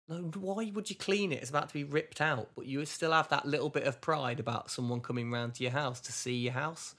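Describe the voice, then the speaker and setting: A man's voice: on the high side, brisk, hardly any pauses, sharp tone. A man hosting a podcast from a hotel room, chatting in a rambling, self-deprecating way. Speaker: podcast host. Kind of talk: casual chat.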